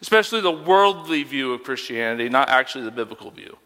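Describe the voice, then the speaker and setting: A man's voice: mid-range voice, animated, quick pace, sharp tone. Emphatic young male youth pastor, echoing hall. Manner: conversational and emphatic, asking rhetorical questions. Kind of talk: sermon.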